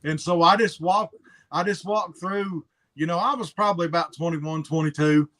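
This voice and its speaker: Bright-voiced man telling a story. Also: on the high side, normal speed. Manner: laid-back, chuckles as he tells stories. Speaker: car show co-host. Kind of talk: casual storytelling chat.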